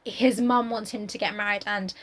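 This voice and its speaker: A woman's voice: mid-range voice, fairly even intonation, moderate pace. A young woman chatting casually about a novel, sweary and full of fillers.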